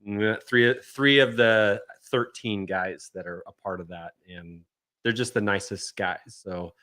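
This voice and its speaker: A man co-hosting a podcast, recapping a convention in an easygoing way, often trailing off softly at the end of a thought. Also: lowish voice, a little slow. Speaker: podcast co-host. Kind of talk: casual chat recap.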